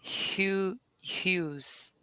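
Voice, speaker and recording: A woman learning English over a video call, speaking carefully and haltingly, repeating words to practise them. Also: on the low side, fairly even intonation, sharp tone, clean tone, no echo, low-quality recording. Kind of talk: casual online lesson.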